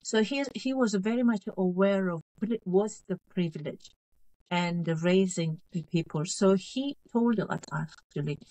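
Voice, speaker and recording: A woman in her fifties raised in North Korea, a guest author in an interview, speaking in a halting, earnest way, repeating phrases and checking she is understood. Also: medium pitch, dark tone, no room sound, low-quality recording. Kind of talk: interview conversation.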